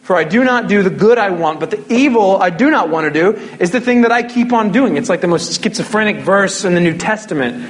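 High-voiced man preaching casually. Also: expressive, a little fast, hardly any pauses. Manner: casual, conversational preaching with jokes. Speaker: pastor. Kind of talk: sermon.

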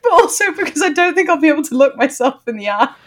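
A woman's voice: high voice, big pitch swings, fast. Laughing, self-mocking woman. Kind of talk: casual chat. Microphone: video call.

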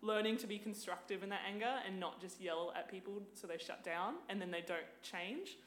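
Brief: young woman, animated sweary podcast guest, echoey room with a low hum. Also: brisk. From Australia. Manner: animated, swears freely, lots of "like". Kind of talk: casual chat.

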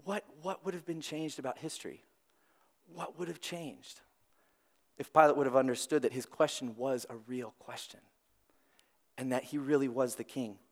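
Lively conversational male preacher. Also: medium pitch, normal speed, long pauses. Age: adult parent. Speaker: pastor. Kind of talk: sermon.

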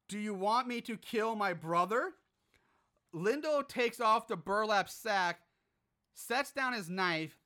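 A man's voice: very high-pitched, bright, forceful tone. A man recapping a movie in casual chat, ranting with frequent swearing and exasperation. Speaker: podcast host.

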